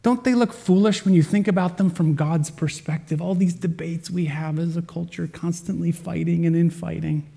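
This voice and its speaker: A man preaching a sermon to his congregation, earnest, with dramatic pauses and swings in loudness. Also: a little high, fairly even intonation, vocal fry. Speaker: pastor.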